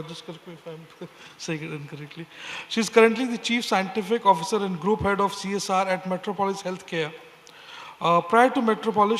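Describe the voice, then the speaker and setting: A man moderating a conference panel, introducing the speakers in a measured, formal way with frequent hesitations. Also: high voice, a bit bright. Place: conference stage. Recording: reverberant hall with faint noise.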